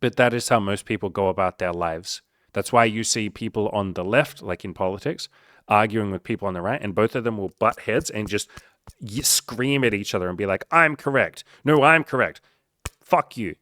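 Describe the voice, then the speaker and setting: A man coaching straight to camera, his voice on the low side and recorded in a dry space. He speaks bluntly and emphatically, cursing freely as he pokes fun at self-doubt. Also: brisk, a bit bright, no room sound. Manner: blunt and profane, heavy swearing; emphatic, mocks the listener's inner voice. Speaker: life coach. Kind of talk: motivational monologue.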